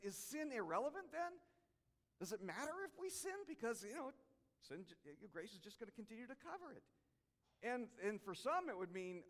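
A male pastor preaching a sermon, animated and drawing the congregation into call-and-response. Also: sits high. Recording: long hall reverb.

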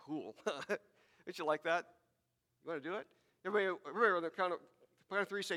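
A man's voice: high voice, animated, normal speed, pauses often, bright, forceful tone, long reverb tail. A man preaching a sermon to his congregation, talking conversationally with repeated words and asides. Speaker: pastor.

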